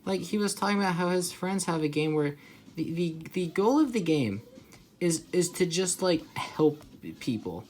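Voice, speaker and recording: A man's voice: sits high, lively intonation, moderate pace, a little mellow. Young man rambling casually while drawing. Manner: rambling, heavy on filler words and restarts. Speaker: artist vlogger.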